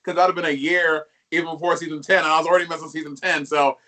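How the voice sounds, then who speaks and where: A man chatting as a guest, animated and gossipy, laughing often. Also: a little high, fast talker. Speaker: guest, drag performer. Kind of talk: casual chat.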